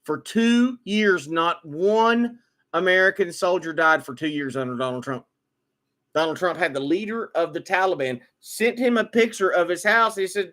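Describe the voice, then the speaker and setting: High-voiced man ranting with stammered restarts. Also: moderate pace, a bit bright. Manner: repetitive stammering restarts, rising to emphatic outbursts. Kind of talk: opinionated monologue.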